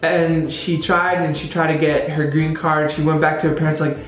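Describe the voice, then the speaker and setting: A man's voice: fairly high pitch, fairly even intonation, brisk, hardly any pauses. Rambling man reviewing a show. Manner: rambling, with many "like" and "you know" fillers. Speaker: theater reviewer. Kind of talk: casual spoken review. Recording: roomy echo, faint music behind.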